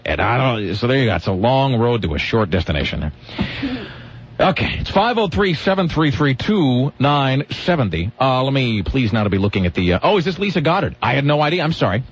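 A man's voice: mid-range voice, very animated, a little fast, slightly rough. A man hosting a radio talk show, rambling and joking in a self-deprecating way. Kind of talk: casual radio banter. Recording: dull lo-fi radio broadcast with faint music.

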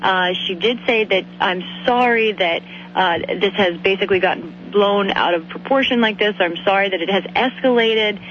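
A woman reporter explaining political news in a measured way during a radio interview. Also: medium pitch. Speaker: congressional reporter. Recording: dull lo-fi radio audio with faint hum.

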